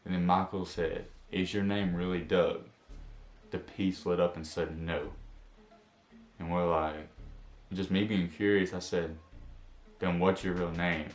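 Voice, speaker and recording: A young man telling a spooky personal story as a vlogger. He talks in casual slang, going from hushed to loud and excited. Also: low voice, unhurried, pauses often, reverberant, soft background music. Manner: animated storytelling, slang-heavy, jumps from hushed to shouting. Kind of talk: story time vlog. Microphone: camera mic.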